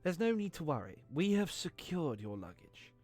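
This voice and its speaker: A man's voice: fairly high pitch, sing-song, normal speed, a little mellow, soft background music. A man voicing a strict young woman border guard with a put-on Russian accent, speaking in a clipped, officious way.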